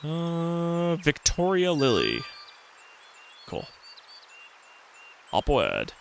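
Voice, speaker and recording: A man's voice: on the high side, wildly swooping pitch, very slow, creaky, a little hiss or hum. A man streaming a retro game, chatting casually to himself and reading the in-game text aloud. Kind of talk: casual let's-play commentary.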